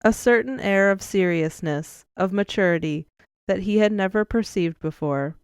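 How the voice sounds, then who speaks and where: A woman narrating an audiobook in a measured, expressive storytelling manner, close to the mic. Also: mid-range voice, clear, resonant tone, no room sound. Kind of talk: scripted narration.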